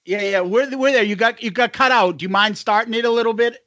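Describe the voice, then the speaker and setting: A man co-hosts a podcast over a call, talking in a loose, profane and joking way. His voice is high for a man. The sound is dry and close. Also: fast talker, sharp tone, no room sound, highs cut off. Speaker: podcast co-host. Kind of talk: casual podcast chat.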